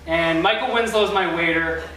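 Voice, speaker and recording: Young male stand-up, high voice, echoey room. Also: moderate pace, bright, forceful tone. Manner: rambling, loose, with filler words. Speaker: stand-up comedian. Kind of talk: stand-up comedy set. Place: comedy club stage. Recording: echoey club from a distance with noise.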